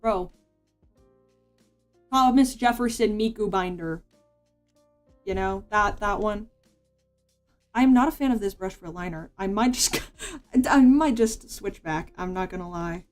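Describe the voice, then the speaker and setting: A woman's voice: medium pitch, measured pace, long pauses, soft background music. A woman streamer chatting casually while she draws, rambling with lots of "like" and false starts. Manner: rambling, full of "like" and restarts. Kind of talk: casual chat while drawing.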